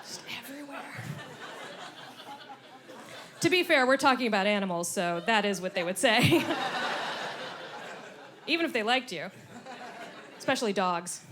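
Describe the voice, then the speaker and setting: A woman performing a stand-up comedy set on stage, animated, slipping into silly voices. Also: on the high side, a little slow, pauses often, crowd noise. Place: comedy club stage before a laughing audience.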